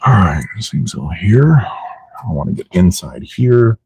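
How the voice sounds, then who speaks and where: A man's voice: low-pitched, big pitch swings, slow, mellow, breathy edge, no room sound. A man hosting a casual live stream from his car restoration garage, chatting loosely with viewers in profanity-heavy shop talk. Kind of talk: casual live-stream chat while working.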